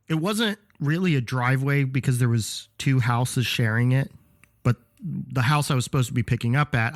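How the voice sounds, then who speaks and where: A man co-hosting a podcast, telling a profane, animated story about a rude customer in a casual way. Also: medium pitch, no echo, studio quality. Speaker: podcast co-host.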